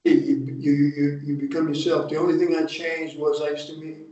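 A man's voice: a little high, flat delivery, normal speed, warm tone. An older man with a New Jersey accent, a retired undercover agent telling stories bluntly and with plenty of profanity in a casual interview. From North Jersey. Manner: blunt, profane, streetwise storytelling. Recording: distant, echoey, muffled remote audio.

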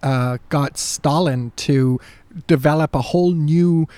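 A chatty man co-hosting a podcast, his voice slightly high. He drops in quick facts and asides. The sound is dry and close, with no room around it. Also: dark tone, clear, resonant tone, dry recording. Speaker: podcast co-host. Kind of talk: casual chat.

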